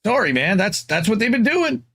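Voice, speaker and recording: A man's voice: sits high, sing-song, moderate pace, pushed and bright, slightly rough. A man appearing as a guest commentator in a casual political chat, blunt and mocking, with frequent stammering restarts. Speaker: guest, independent news commentator.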